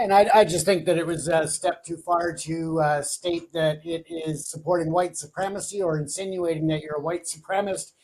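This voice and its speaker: A man's voice: on the high side, a little mellow, poor audio. A man co-hosting a political commentary show, answering in brief, matter-of-fact remarks. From Canada. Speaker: co-host.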